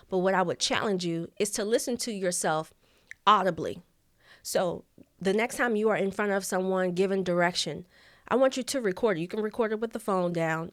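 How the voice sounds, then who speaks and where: A woman leads a vocal coaching lesson, speaking deliberately, stressing key words and pausing between them. Her voice is medium in pitch, captured as clean studio sound with no echo.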